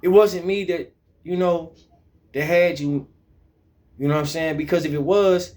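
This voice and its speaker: High-pitched man, confrontational profane monologue, repetitive challenging delivery. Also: steady tone, a little slow, pauses often, a little mellow. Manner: confrontational, repeats questions, heavy swearing.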